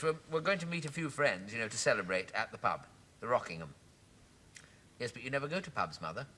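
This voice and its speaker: Fussy, giggly clerk; bright, lively, fairly high voice; sitcom. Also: male voice, slight background noise. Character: fussy, excitable office clerk man, mother-ruled. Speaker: sitcom lead actor. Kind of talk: 1970s television sitcom acting.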